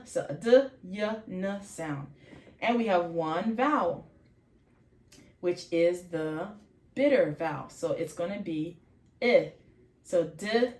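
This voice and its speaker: A woman with a lowish voice walks through pronunciation at an unhurried pace. She sounds out each letter and repeats words again and again. The room gives her voice a noticeable echo. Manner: slow, repeats sounds many times, self-correcting. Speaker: faith channel host teaching vocabulary. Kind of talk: informal language lesson.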